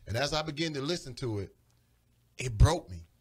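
A man's voice: mid-range voice, expressive, normal speed, a little mellow, breathy edge. A man talking on a studio radio show, preaching with growing fervor and pleading urgency. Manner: preaching fervently, voice rising and pleading. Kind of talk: impassioned religious radio talk. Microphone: studio microphone.

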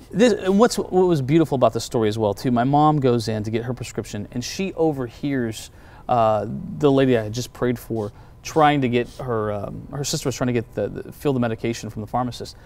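Animated male pastor telling stories. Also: mid-range voice, a little fast. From United States. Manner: animated storyteller acting out quoted voices. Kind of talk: storytelling testimony in a conversation.

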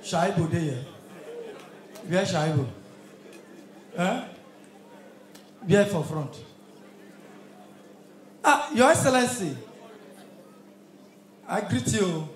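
At a live event hall, a Nigerian man working as an MC does stand-up, belting punchy, shouted lines with hums and laughs between them. His voice is high-pitched with lively intonation, very slow, and full of pauses, and the echoey hall carries crowd noise.

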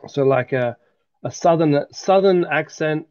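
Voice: mid-range voice, unhurried, a little mellow. Hesitant co-host on a lo-fi recording. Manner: hesitant, many fillers. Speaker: co-reader of a fan audiobook. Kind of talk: casual chat.

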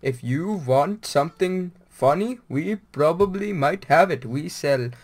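A man's voice: on the high side, expressive, a little slow, pitched above the performer's own voice. A man putting on a mock Indian accent to play a hammy male convenience store clerk, rattling off sing-song sales patter in a gaming commentary.

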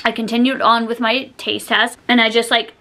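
A woman vlogger talking through a storytime in a chatty manner, with "like" in almost every sentence. Her voice sits fairly high and sounds bright and sharp. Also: level tone, normal speed. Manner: chatty, heavy use of "like" fillers. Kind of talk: storytime vlog.

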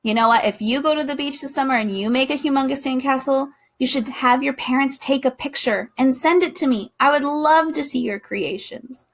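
A woman hosting a children's storytime, reading a picture book aloud in a bubbly, expressive way and talking directly to the kids. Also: sits high, fairly quick, hardly any pauses.

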